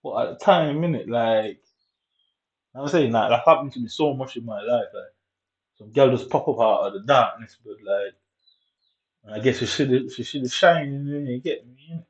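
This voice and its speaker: A young man meanders through a personal anecdote in a relaxed, casual monologue, sprinkling in plenty of "innit" and "you get me." His voice is mid-pitched and ordinary, taking its time. The audio comes across as dull and lo-fi.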